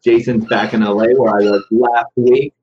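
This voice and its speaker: A man's voice: mid-range voice, little pitch movement, normal speed. A man hosting a live online session in casual chat, loose and rambling with lots of fillers. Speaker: live show host. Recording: slightly muffled, faintly noisy call audio.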